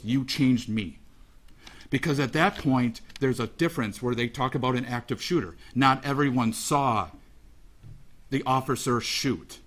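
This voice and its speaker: A father giving an emotional, halting victim statement in a courtroom, repeating phrases as he speaks. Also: medium pitch, fairly bright tone.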